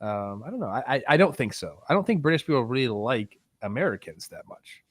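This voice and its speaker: A man's voice: medium pitch, sing-song, fairly quick, no echo, clean studio sound. A man co-hosting a baseball talk show, laid-back and chatty, often saying "like" and hedging. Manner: laid-back, uses "like" a lot. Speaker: sports talk show co-host. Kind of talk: casual sports talk.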